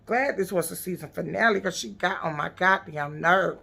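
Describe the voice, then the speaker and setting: Blunt, gravelly-voiced woman ranting. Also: fairly low pitch, normal speed. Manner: blunt, profane, animated, rants at the cast. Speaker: reality TV recap vlogger. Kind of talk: casual profane recap commentary.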